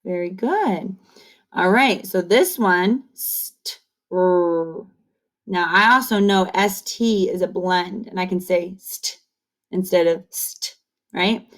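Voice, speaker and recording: Slow-talking kindergarten teacher lady, encouraging, my turn your turn drills to camera. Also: fairly low pitch. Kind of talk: online phonics lesson. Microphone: camera facing the speaker.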